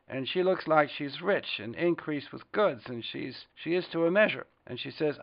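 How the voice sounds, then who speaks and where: A man's voice: a little high, normal speed, few pauses. A man preaching a sermon with fervor, rising in volume when he quotes scripture. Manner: fervent, swells louder on quoted words of scripture. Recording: dull lo-fi recording.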